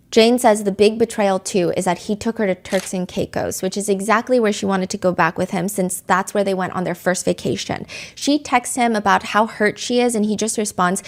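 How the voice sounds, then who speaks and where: A woman's voice: medium pitch, fairly even intonation, a little fast, hardly any pauses. A woman hosting a true crime show, earnestly retelling court testimony and reading text messages aloud. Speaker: host.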